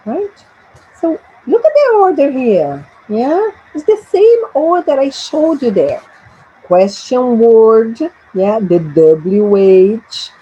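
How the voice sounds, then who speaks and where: A woman's voice: a little high, warm tone, highs cut off, slight background noise. A woman from Brazil, teaching an English lesson and patiently checking understanding with frequent tag questions. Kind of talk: classroom explanation.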